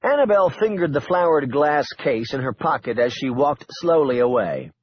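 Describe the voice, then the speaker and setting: A man reading a thriller audiobook aloud in a steady, measured narration. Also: medium pitch, muffled recording, slight background noise. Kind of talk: scripted narration.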